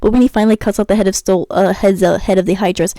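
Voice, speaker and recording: Speaking quickly in a steady, dark, medium-pitched voice, a young woman YouTuber rants about a cartoon episode during gameplay. The low-quality recording has no echo, and she comes across sassy and exasperated, sighing and stumbling over words.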